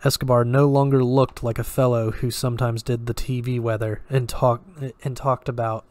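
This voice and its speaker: Male story reader, steady even delivery, dry close sound, mid-range voice. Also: medium pitch, normal speed, dry recording. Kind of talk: audiobook-style story reading.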